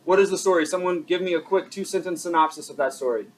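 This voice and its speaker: A young male high school teacher giving a chatty classroom lecture, asking the class questions and joking at his own expense. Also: quick pace. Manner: chatty, self-deprecating, asks the class questions. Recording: distant mic with faint classroom noise.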